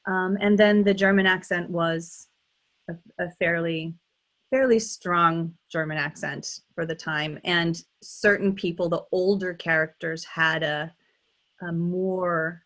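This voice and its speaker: A woman's voice: on the low side, fairly bright tone. A middle-aged woman, a dialect coach, talking casually in an interview, thinking aloud with frequent restarts and ums.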